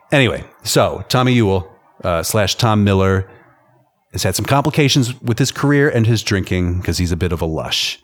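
A man co-hosts a casual podcast from his home, summing up a film with jokes and lively asides. His voice sits on the lower side. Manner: animated, joking storyteller. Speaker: podcast co-host. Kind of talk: casual chat. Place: at home near an airfield.

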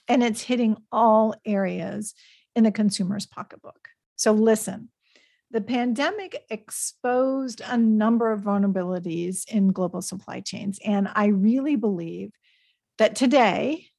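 A woman's voice: medium pitch, gravelly, darkish tone, dry recording, studio quality. A woman giving a coaching talk on business to her viewers, upbeat and speaking straight to them. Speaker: business educator. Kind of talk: direct-to-camera business talk.

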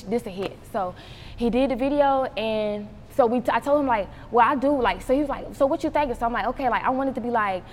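A young woman rapper from North Carolina, telling stories in an animated way, acting out quotes and laughing often. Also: medium pitch. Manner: animated storytelling, acts out quotes, laughs a lot. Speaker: rapper, interview guest. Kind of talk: casual interview chat. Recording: roomy hall with faint noise.

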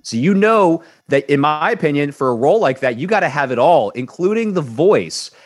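A man of Cuban descent co-hosts an entertainment news show, offering a blunt, emphatic opinion and repeating words as he builds his case. His voice is fairly high and expressive, at normal speed.

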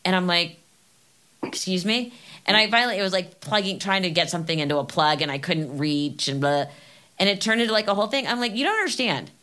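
A woman's voice: lowish voice, fast, sharp tone. A middle-aged woman hosting a podcast, telling anecdotes animatedly and laughing often. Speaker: podcast host. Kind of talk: casual chat.

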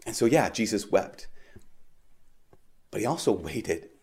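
A man preaching a homily at Mass in a conversational way, with frequent "like" and restarts, rising for emphasis and dropping soft on key lines. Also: on the low side, lively intonation, a little slow.

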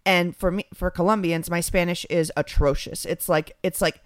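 A young woman co-hosting a podcast in casual chat. She talks in an animated, chatty way and fills her speech with many fillers. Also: fairly low pitch, moderate pace, dry recording, clean studio sound.

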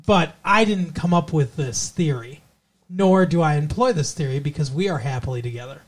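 A man's voice: fairly high pitch, expressive, moderate pace. A man co-hosting a podcast, chatting casually and rambling about a TV episode, with frequent swearing and playful asides. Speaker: podcast co-host. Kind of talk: casual TV recap chat.

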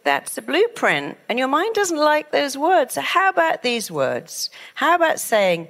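A middle-aged woman giving a motivational talk, acting out anxious inner voices in an animated way. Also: a little high, unhurried. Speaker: author and speaker.

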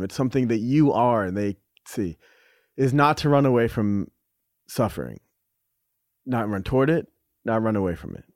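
A man's voice: mid-range voice, dry recording, studio quality. Reflective man telling a personal story. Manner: reflective, halting, with frequent restarts and casual swearing. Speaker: podcast guest. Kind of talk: candid conversational storytelling.

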